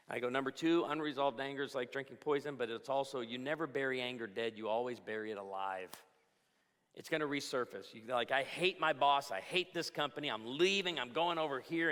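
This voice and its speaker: A man's voice: mid-range voice, fairly bright tone. A middle-aged male pastor giving a humorous, storytelling conference talk to a crowd. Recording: long hall reverb.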